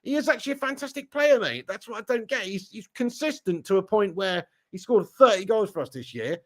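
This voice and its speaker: Man, high voice, blunt, jokey, laughs a lot, live-stream football chat host. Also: animated, a little fast. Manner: blunt, jokey, laughs often, teasing viewers. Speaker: fan channel host reading live chat.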